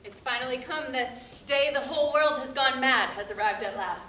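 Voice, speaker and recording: A woman playing a stingy, easily indignant male gentleman customer, huffy and deliberate. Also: high voice. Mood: wry. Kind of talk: amateur stage acting. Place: theater stage. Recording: echoey hall, from far off, noisy.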